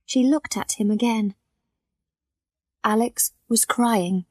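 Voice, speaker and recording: Slow, clear woman narrating a story. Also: a little high, a little mellow, no room sound. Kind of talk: graded-reader story narration.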